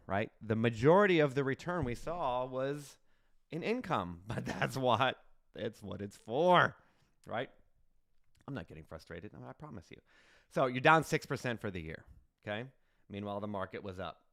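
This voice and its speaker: Man, low and smooth voice, casual finance host, animated, self-mocking, keeps asking "right?", dry close mic. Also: no echo. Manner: animated, asks "right?" often, jokes at himself. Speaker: investment channel host.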